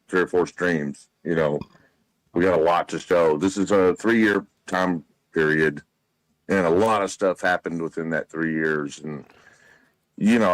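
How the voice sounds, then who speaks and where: Deep-voiced caller. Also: male voice, dry recording, poor audio. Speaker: guest caller on a stream. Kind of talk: casual call-in chat.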